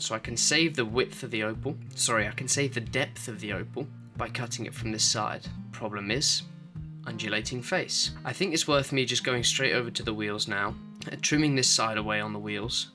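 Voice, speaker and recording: A man who hosts his own channel, talking casually through his opal cutting in a home workshop and explaining each step with a self-deprecating, chatty manner. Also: mid-range voice. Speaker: opal cutter and channel host.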